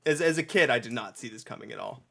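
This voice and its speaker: A young man hosting a casual review chat, retelling a game's story with lively acted-out snatches of dialogue. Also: medium pitch, vocal fry. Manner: animated, acts out characters in quick snatches, many restarts. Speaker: game reviewer. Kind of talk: casual podcast chat, retelling a game plot.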